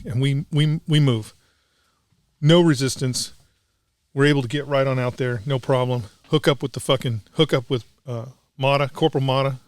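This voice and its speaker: A man's voice: medium pitch, no room sound, clean studio sound. A middle-aged man, a combat veteran guest, telling a war story in blunt, profane casual talk.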